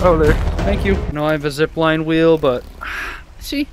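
A man commentating his VR gameplay, excitable and profane, trash-talking enemies as he plays. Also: fairly high pitch, measured pace, loud music behind the voice. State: out of breath at times. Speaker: gaming video host.

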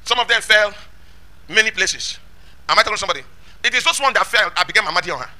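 High, bright-voiced preacher. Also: male voice, expressive, fast talker. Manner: emphatic, rhetorical questions, shouts scripture lines. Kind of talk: sermon.

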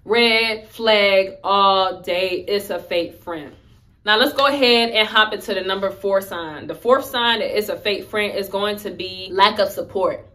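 Animated young woman telling a story. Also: mid-range voice, measured pace. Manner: animated, slangy, acts out quoted lines. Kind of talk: casual storytime chat.

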